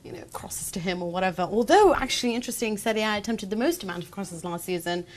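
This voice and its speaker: A woman's voice: medium pitch, expressive. A woman hosting a football show, leading a casual chat with wry asides. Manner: chatty, wry, quick asides. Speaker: host.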